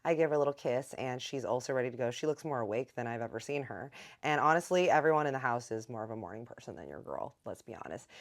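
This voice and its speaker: A young woman casually telling a long personal story to her viewers in a bubbly, chatty way. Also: a bass voice. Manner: bubbly, chatty, addresses viewers as y'all and kittens. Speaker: storytime vlogger.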